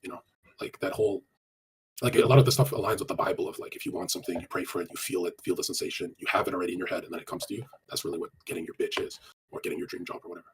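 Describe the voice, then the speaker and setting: A deep male voice, with a little background noise behind it. The casual dating advice he streams live is crude and blunt, and he swears often while responding to chat. He speaks rapidly, running sentences together and leaning on fillers.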